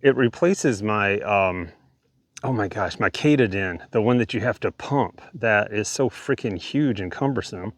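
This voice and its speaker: Slow-talking low-voiced man hiking outdoors. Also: no room sound. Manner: relaxed, chatty, demonstrating gear. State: breathing hard. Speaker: hiking vlogger. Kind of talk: casual outdoor vlog narration. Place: outdoors by a lake in the woods.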